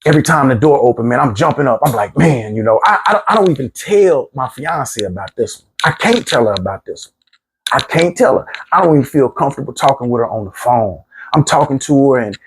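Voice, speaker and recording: A middle-aged former prisoner tells his own story in a medium-pitched voice with lively intonation and a brisk pace, over a little hiss or hum. He recounts his past candidly in a plainspoken, street-casual monologue, often repeating himself.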